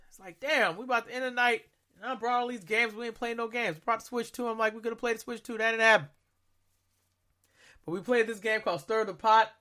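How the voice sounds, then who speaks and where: A man with a high, bright, forceful voice tells stories as a podcast co-host. His talk is casual and slangy, and he gets animated as he goes. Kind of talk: casual storytelling chat.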